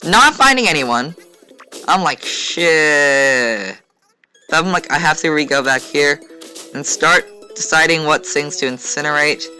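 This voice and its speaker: A man's voice: on the high side, expressive, moderate pace, bright, forceful tone, soft background music. A man casually commentating over his gameplay video, rambling and full of fillers. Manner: rambling, filler-heavy, chatty. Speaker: gaming channel host.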